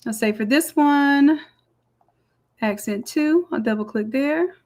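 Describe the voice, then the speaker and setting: A woman walking through a design software tutorial step by step in a chatty, explaining way. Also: high voice, takes it slowly. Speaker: design instructor. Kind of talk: screen-recorded software tutorial.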